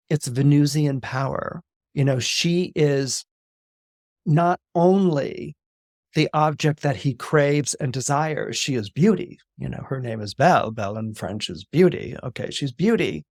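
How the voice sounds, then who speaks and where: Animated man retelling a film scene. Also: fairly high pitch, measured pace, no echo, studio quality. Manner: animated, conversational, many fillers and restarts. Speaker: astrologer guest. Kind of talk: casual podcast storytelling.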